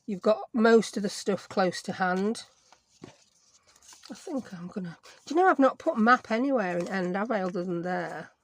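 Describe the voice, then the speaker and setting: A talkative middle-aged woman with a broad Yorkshire accent rambles on while she crafts. Her voice sits at an ordinary middle pitch, and her chatter is loose and self-mocking, full of asides to the viewer. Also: lively intonation, normal speed. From Yorkshire, England. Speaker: crafting channel host. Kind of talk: casual chatty crafting vlog.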